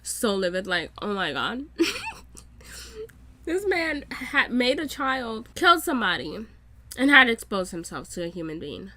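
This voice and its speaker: A woman reacts to a show in casual commentary, excitable and swearing freely. Her voice is high and bright, and the sound is dry and close to the mic. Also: measured pace, no echo. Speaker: reaction YouTuber.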